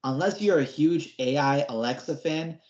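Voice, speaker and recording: Male podcast co-host, casual and exasperated, slangy mocking review delivery, slightly higher voice, roomy lo-fi sound. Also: moderate pace, darkish tone.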